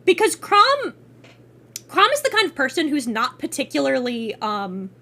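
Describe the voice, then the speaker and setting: A woman's voice: high-pitched, huge pitch swings, normal speed, sharp tone. A woman streamer chatting casually on her stream, gushing with profanity and frequent laughter.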